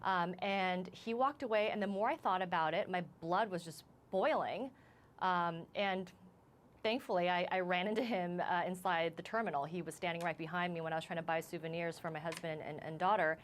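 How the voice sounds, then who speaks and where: This fairly low-pitched voice belongs to an American woman correspondent being interviewed live on the news. Visibly shaken, she stumbles through her words with many restarts, her voice unsteady.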